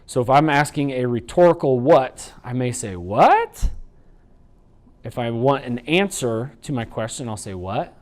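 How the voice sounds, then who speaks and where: A man teaching a sign language training unit in an instructional lecture, explaining patiently and slowing down to demonstrate. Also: mid-range voice. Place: training video recording.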